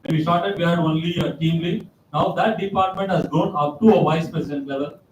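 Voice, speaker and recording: A man gives a motivational talk, telling stories and driving points home by repeating them. His voice sits a bit higher than most men's. It is picked up from a distance in a roomy, echoing hall with a faint hum of ambience. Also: steady tone, brisk, darkish tone. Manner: anecdotal, repeats key phrases for emphasis. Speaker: guest speaker.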